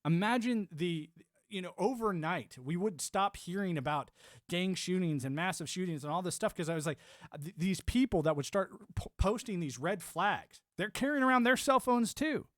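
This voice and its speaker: A man's voice: sits high, lively intonation, moderate pace, fairly bright tone, no echo, clean studio sound. A man in his forties ranting on a live stream, rambling and swearing, with lots of "you know". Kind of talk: ranting monologue.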